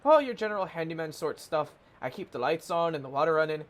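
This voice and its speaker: A man's voice: on the high side, expressive, fast talker, lightly acted. A man voicing a modest handyman with a put-on Irish accent, rambling folksily. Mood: folksy.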